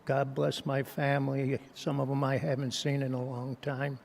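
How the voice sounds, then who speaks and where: An older man with laryngitis giving a halting, emotional acceptance speech at a banquet, hoarse and full of restarts. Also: medium pitch, monotone, a little mellow. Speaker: hall of fame inductee giving acceptance speech. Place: banquet hall. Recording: reverberant hall, faint room noise.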